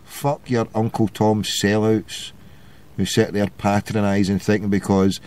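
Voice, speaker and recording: A man's voice: fairly low pitch, flat delivery, a little slow, darkish tone, clean tone. Sweary Glaswegian man ranting. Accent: Glasgow Scottish. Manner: sweary, sarcastic, combative. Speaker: radio show host. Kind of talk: ranting opinion monologue.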